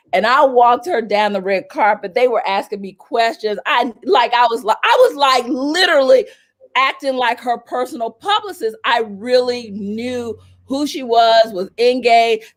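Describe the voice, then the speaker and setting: A woman from North Carolina, a celebrity publicist telling stories as an interview guest, animated and acting out what people said in a raised voice. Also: fairly high pitch, moderate pace. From North Carolina, USA. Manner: animated, acts out quotes in a raised voice. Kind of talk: storytelling in an interview.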